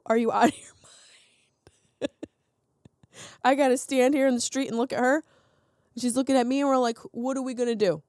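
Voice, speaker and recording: A comedian hosting her podcast, a woman giving an animated, sarcastic monologue that keeps jumping into silly voices. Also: mid-range voice, no room sound, studio quality. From Sicilian heritage, lives in Los Angeles.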